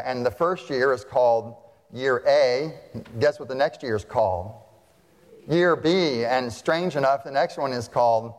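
A male pastor preaches in a relaxed, conversational way, asking his listeners questions as he goes. His voice sits at a middle pitch for a man. A long church reverb trails after his words. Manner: chatty, asks the congregation questions. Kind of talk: conversational sermon. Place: church sanctuary.

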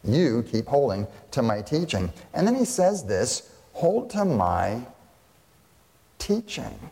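A man's voice: medium pitch, big pitch swings, takes it slowly, vocal fry, mellow, big-room sound. A man, a pastor, preaching a sermon and putting rhetorical questions to his congregation.

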